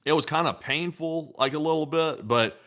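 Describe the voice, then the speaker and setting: A man's voice: on the high side, normal speed, a bit bright. A man co-hosting a livestream, telling rambling anecdotes full of fillers and reading viewer messages. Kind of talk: casual chat.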